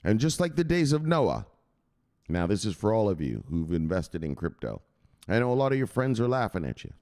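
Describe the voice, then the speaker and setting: Gravelly, swearing crypto host. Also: male voice, on the low side, sing-song, fairly quick, darkish tone. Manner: coarse, swearing, keeps asking "right?". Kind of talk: profane motivational rant.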